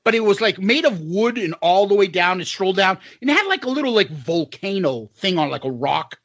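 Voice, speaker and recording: A man co-hosting a podcast, telling a story in casual chat, animated and profane, acting out the people in it. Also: sits high, brisk, no room sound. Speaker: podcast co-host.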